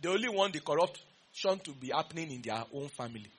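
A man with a Nigerian English accent preaching a sermon, teasing and quizzing his congregation in an animated way. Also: on the high side, fast, breathy edge.

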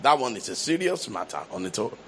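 A man's voice: mid-range voice, very animated, quick pace, slightly rough. A man preaching a sermon, building to emphatic repeated declarations and often restarting his phrases. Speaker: pastor.

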